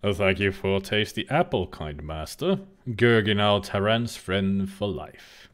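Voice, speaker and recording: A man voicing a polite, gentlemanly male creature companion in a video game, speaking in a low, posh manner. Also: animated, measured pace. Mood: grateful. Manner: posh, courteous.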